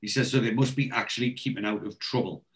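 A man's voice: on the low side, steady tone, fast talker, rough recording. A man hosting a casual chat, retelling TV scenes and quoting the characters' lines in a storytelling way. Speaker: podcast host.

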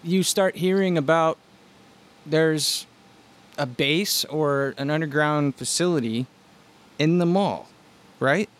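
A man hosting a casual podcast chat, agreeable and often chiming in with quick agreement. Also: a little high. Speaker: podcast host.

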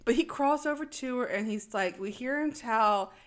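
Woman, podcast co-host, slightly high pitch, animated storyteller, casual recap. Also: normal speed, a little hiss or hum. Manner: animated storytelling, acts out characters' lines. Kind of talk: casual movie recap chat.

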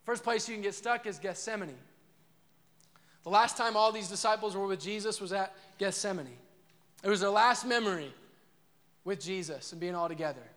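A man's voice: high-pitched, moderate pace, long pauses, fairly bright tone, in a large hall. A man preaching a sermon as pastor, earnest and repetitive, asking the crowd questions.

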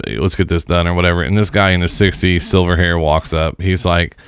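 A man's voice: low-pitched, fairly even intonation, a little fast, clear, resonant tone. A man from Indiana telling stories in a casual chat, dry and matter-of-fact.

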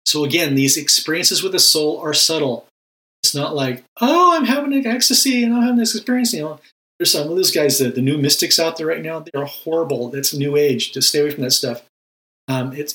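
A Christian teacher gives a casual, emphatic talk on prayer, often repeating words and posing rhetorical questions. His mid-range voice sounds pushed and bright, and the audio quality is poor.

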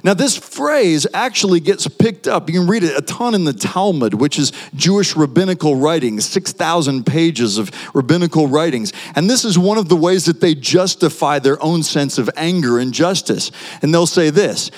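A man's voice: expressive, normal speed. Impassioned male preacher in a reverberant hall. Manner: impassioned, with sweeping pitch swings. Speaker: guest preacher. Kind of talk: sermon.

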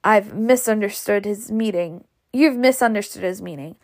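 A woman's voice: medium pitch, normal speed, close to an everyday voice. A woman voicing a bossy, indignant older society matron who speaks firmly. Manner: firm, scolding.

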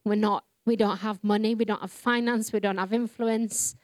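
A woman's voice: mid-range voice, fairly even intonation, moderate pace, no echo. Earnest Yorkshire woman preaching. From England. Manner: earnest storytelling, self-deprecating. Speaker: ministry leader speaking to a congregation. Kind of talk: sermon-style testimony.

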